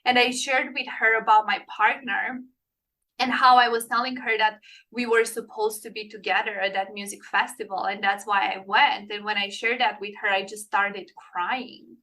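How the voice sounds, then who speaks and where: A woman guest in a casual conversation, talking in an earnest, encouraging way and going soft when she voices comforting words. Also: mid-range voice, fairly even intonation, normal speed, rough recording.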